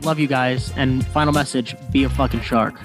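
A man's voice: mid-range voice, fairly even intonation, normal speed, music in the background. A man who is a videographer, guesting on a podcast in casual, teasing chat.

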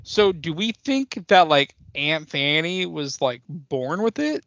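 A young man with a slightly high voice co-hosts a movie podcast in loose, animated chat. He rambles, swears freely and breaks into laughter. The sound is dry and a little muffled. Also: slow, no room sound. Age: young adult. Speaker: podcast co-host.

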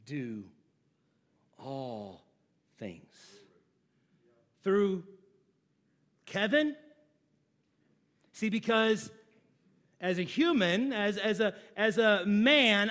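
A pastor preaching a sermon, moving from loud emphatic lines to low hushed phrases, chatting with and joking with his congregation. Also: slow, long pauses. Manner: conversational, asks the congregation questions and jokes with them.

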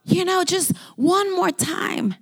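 A woman preacher voicing a sly, coaxing male serpent who tempts with slow, low, wheedling words. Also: fairly bright tone, full character voice.

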